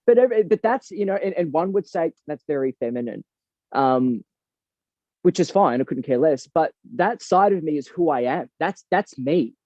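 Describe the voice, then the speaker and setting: A man's voice: fairly high pitch, animated, normal speed, mellow, no echo. A man speaking as a guest in an interview, earnest and heartfelt, talking in a reflective, emphatic way. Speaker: boxing coach and guest. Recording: dull lo-fi dry recording.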